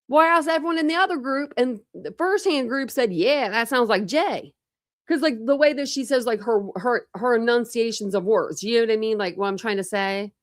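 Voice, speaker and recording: Rambling woman streamer, fairly high voice, dry close sound, casual chat to viewers. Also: fairly bright tone, dry recording. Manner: rambling, filler-heavy, talks to chat. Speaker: true crime streamer.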